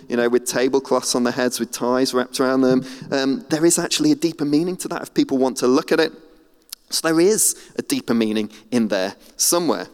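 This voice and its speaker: Man speaker, chatty storyteller, self-deprecating humor, live talk in a big echoing hall. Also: mid-range voice. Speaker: speaker giving a church talk. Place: large hall. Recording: long hall reverb.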